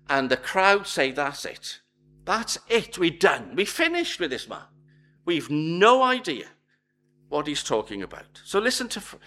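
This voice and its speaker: Lively high-voiced male preacher. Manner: emphatic, builds points in repeated lists. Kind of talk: sermon.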